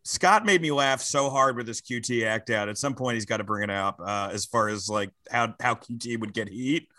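A man's voice: medium pitch, normal speed, no room sound. A man co-hosting a comedy wrestling podcast, talking casually and crudely with lots of swearing. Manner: crude, animated, swearing freely. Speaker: podcast co-host.

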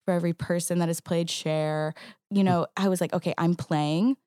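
A woman actress talking as a guest in a casual interview. Her voice sits a little low, and she tells her stories with animated energy and quick restarts. The sound is close and dry, with no room around it. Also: clear, resonant tone, dry recording.

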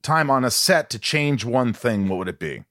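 A man hosting a casual chat, asking questions and trying quick impressions. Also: medium pitch, expressive, fairly bright tone, no room sound, studio quality. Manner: playful, asks questions, tries quick impressions.

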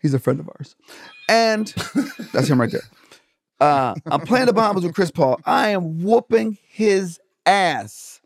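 A man's voice: high voice, unhurried, gravelly. A man telling a golf story with lots of swearing, acting out what everyone said in a casual podcast chat. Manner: animated, profane storyteller acting out quotes. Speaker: podcast guest, comedian.

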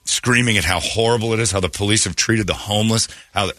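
A man from Phoenix hosting a radio show, telling a story in a casual, animated way and mimicking the people in it. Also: fairly low pitch, fast, no echo. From Phoenix, Arizona.

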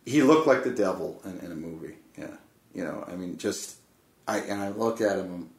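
A man's voice: deep voice, animated, moderate pace. A man telling a personal story in casual conversation, earnest and rambling, often stopping and restarting. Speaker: guest. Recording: roomy echo.

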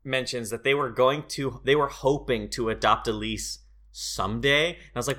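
A man co-hosting a podcast, chatting casually about a film in an animated, rambling way and swearing now and then. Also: mid-range voice, moderate pace. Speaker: podcast co-host. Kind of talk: casual chat reviewing a film.

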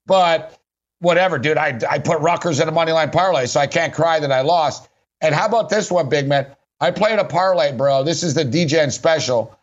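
A man's voice: fairly high pitch, fairly quick, highs cut off. A middle-aged man hosting a sports radio show, talking bluntly and rambling about betting and football. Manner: rambling, blunt, keeps saying "big man". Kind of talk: casual sports betting talk.

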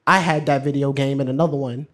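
A man's voice: medium pitch, steady tone, fast, noisy background. A teenage boy, telling a personal story live in a casual, slangy, laughing way. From New York. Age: teens. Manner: casual, chatty, slangy, laughs along with his own story. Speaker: student storyteller.

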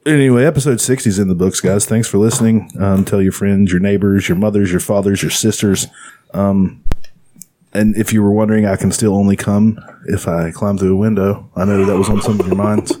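A man's voice: lowish voice, fairly even intonation, a little fast, dark tone. A man hosting a comedy podcast, joking crudely and laughing often with his co-hosts. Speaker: podcast host.

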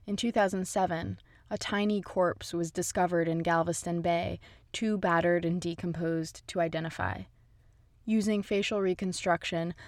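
A woman reads a scripted true-story narration at a measured pace. Her voice sits low, and the recording is dry and close to the mic with no room sound. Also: darkish tone, no room sound.

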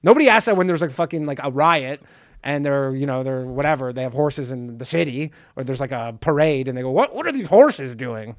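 A man co-hosting a podcast in casual chat, profane and animated, acting out quotes in mocking voices. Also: medium pitch, brisk, no room sound, clean studio sound. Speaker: podcast co-host.

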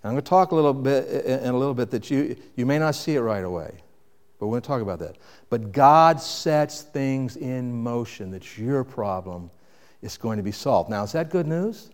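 A man preaching a sermon with dynamic delivery, rising to loud emphasis and dropping to quiet reflection. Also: medium pitch, expressive, moderate pace, long reverb tail. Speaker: pastor.

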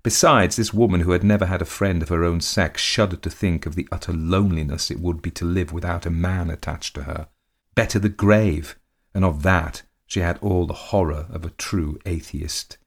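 A man reading a period story aloud in measured, dramatic scripted narration. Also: sits low, fairly even intonation.

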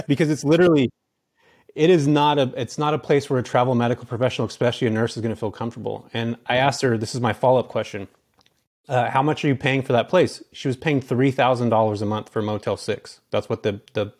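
A man's voice: medium pitch, fairly even intonation, brisk, darkish tone. A man as a podcast guest, telling his story casually and animatedly, acting out bits of dialogue between lots of filler words.

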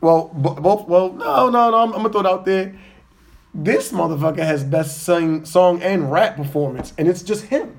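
A man co-hosting a podcast in casual chat, talking in an excitable, emphatic way full of slang. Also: high-pitched, moderate pace, slight background noise. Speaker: podcast co-host.

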